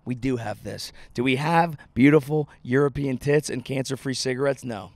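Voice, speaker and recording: A man's voice: medium pitch, no echo. A man in his thirties, a comedian hosting his podcast, delivering a profane and sardonic rant from outdoors by a lake. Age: 30s.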